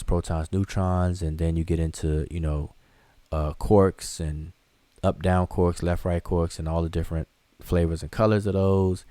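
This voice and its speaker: The speaker is a man teaching hieroglyphics in a live online session, speaking in a low-pitched, mellow tone without echo. His explanations are loose and chatty, full of fillers and false starts as he responds to viewers.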